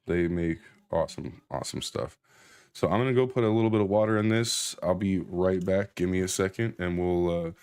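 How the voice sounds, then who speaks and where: A man casually chatting on a live stream while reviewing a grinder, loose and rambling, sounding high and a little out of breath. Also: darkish tone, clear, resonant tone. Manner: laid-back, rambling, loose.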